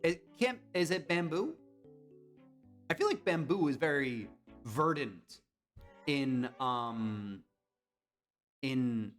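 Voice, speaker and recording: A young man streamer chatting casually and reacting to viewers' comments while playing browser games. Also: a little high. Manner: animated, chatty, reads and answers chat. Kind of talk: casual live-stream chat.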